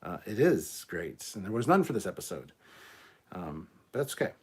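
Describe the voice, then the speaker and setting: A man's voice: low voice, big pitch swings, moderate pace, slightly rough. A middle-aged man hosting a casual livestream, reading viewer comments aloud and reacting in a chatty way, swearing freely and joking about himself. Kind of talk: casual live chat.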